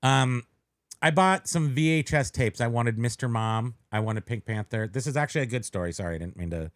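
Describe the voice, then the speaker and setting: A man chatting casually as a podcast co-host, his voice at an everyday middle pitch. He rambles, trips over his words and restarts, dropping jokes along the way. The sound is close and dry, with no room around it. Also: brisk, no echo. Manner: rambling, self-correcting, joking. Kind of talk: casual chat.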